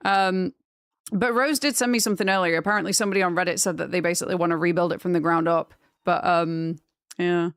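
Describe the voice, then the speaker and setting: A young woman chatting casually on a live stream, rambling and gushing when excited. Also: fairly low pitch, fast, smooth, dry recording, studio quality.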